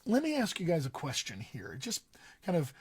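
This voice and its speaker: A man's voice: fairly high pitch, huge pitch swings, normal speed, slightly rough. A man teaching a live-streamed voice lesson as a dialect coach, explaining things conversationally and speaking straight to his viewers. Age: young adult. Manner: conversational, explains with analogies, addresses viewers directly.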